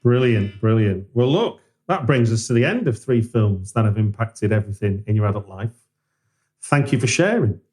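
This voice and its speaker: A man's voice: fairly low pitch, expressive, moderate pace, a little mellow. A man hosting a podcast, asking hesitant questions and reading a sign-off. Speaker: podcast host. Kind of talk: interview and podcast outro.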